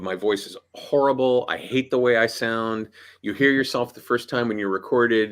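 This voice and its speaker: A man's voice: lowish voice, fairly bright tone. Emphatic coaching man on a video call. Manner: emphatic, coaching, punchy warnings. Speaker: voiceover artist and audiobook coach. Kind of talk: animated panel chat.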